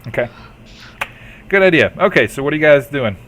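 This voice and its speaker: A man running a tabletop role-play session as game master, his voice rising and falling a lot as he talks. He is quick to laugh, and faint noise sits behind him. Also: fairly high pitch, expressive, fairly bright tone.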